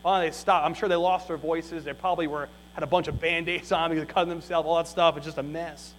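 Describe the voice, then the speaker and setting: A male pastor preaching a sermon, reading scripture and retelling the story in a folksy, animated way. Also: on the high side, fast, slight background noise, poor audio.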